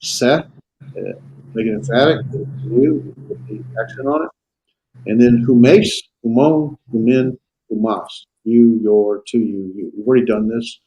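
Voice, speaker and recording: Halting man teaching a Greek class. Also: mid-range voice, mellow, rough recording. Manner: halting, with frequent fillers and restarts; checks in with students often. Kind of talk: classroom lecture.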